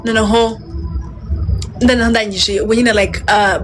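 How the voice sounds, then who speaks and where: A woman telling a story in a casual interview, excitable, switching between languages and laughing often. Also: a little high, normal speed, background noise.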